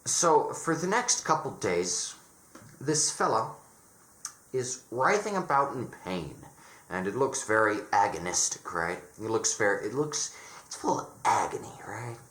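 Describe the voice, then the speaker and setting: A man talks through a casual, opinionated review with plenty of sarcasm. His pitch bounces around expressively, and he keeps stammering and restarting phrases. The sound carries the echo of a bare room. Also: lively intonation, measured pace, fairly bright tone. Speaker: horror reviewer.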